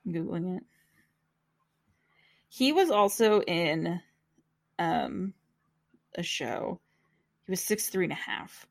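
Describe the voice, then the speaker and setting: A young woman chatting casually as a co-host, her low voice gravelly with fry and her pitch swinging widely. She talks loosely with fillers and giggles, sounding sleepy and hiccuping. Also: lively intonation, takes it slowly, pauses often. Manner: laid-back, lots of fillers, giggly. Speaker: podcast co-host. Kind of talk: casual chat.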